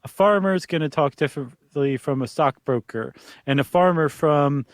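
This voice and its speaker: Relaxed joking male podcast host. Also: on the high side, moderate pace, no room sound. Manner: relaxed, joking, thinks aloud with fillers. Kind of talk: casual chat.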